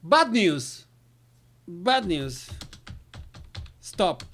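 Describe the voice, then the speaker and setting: With a fairly low, very animated, slightly bright voice and drawn-out words, a woman teaching English talks through textbook exercises in a recorded lesson. She fills gaps with nonsense syllables and sometimes slips into Spanish.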